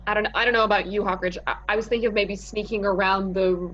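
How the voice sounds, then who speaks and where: A woman's voice: mid-range voice, fairly even intonation, fast talker, a bit bright. A woman player in a tabletop horror game, nervous and hesitant, heard over a video call. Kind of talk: casual tabletop play. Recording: dull video-call audio.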